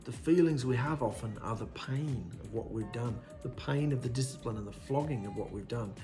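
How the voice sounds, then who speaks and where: Emphatic male preacher with soft music. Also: mid-range voice, moderate pace. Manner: emphatic, preaching in short, punchy lists. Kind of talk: sermon.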